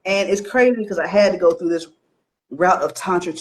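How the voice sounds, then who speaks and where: A woman's voice: fairly low pitch, normal speed. Bold, slangy woman in spiritual chat.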